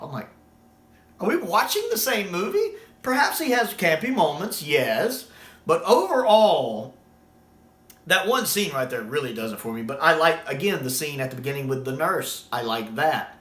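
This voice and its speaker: Animated American man in echoey room. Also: on the high side, moderate pace. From United States. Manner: excited, quotes scenes in acted voices. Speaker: sci-fi show commentator. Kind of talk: enthusiastic casual discussion.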